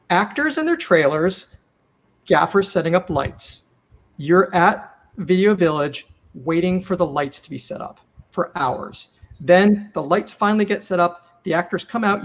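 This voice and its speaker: A man with a bright, high-pitched voice tells stories from running a TV comedy, animated and chatty. He jumps into quoted lines, acting out each person as he goes. His talk is loose and conversational, like an interview guest swapping stories. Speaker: TV comedy writer and showrunner. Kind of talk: casual storytelling interview.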